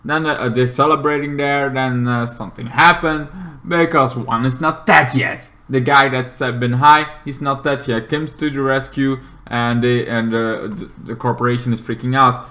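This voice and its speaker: Bright-voiced young man rambling through a recap. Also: medium pitch, steady tone, moderate pace. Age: 20s. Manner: rambling, stacks fillers like "kind of thing". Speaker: movie reviewer. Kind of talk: casual plot recap.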